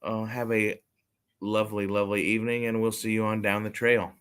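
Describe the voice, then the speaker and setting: Speaking a little fast in a smooth, lowish voice with little pitch movement, a man chats to his phone livestream viewers about his toy collection. He rambles, swears casually and talks straight to chat.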